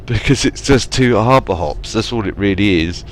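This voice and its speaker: A low-voiced man with an English accent rambles through his gameplay in a relaxed, chatty way. He pokes fun at himself and addresses the other drivers on the road, and a faint hiss sits under his voice. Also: moderate pace. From England. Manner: chatty and self-mocking, talks back to traffic. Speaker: let's play gamer. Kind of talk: casual gameplay commentary. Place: home, at a driving-sim rig.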